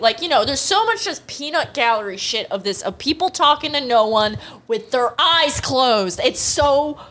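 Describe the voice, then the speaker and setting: A young woman hosting a comedy podcast, recapping an anime with animated storytelling, quick character impressions and swearing. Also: fairly high pitch.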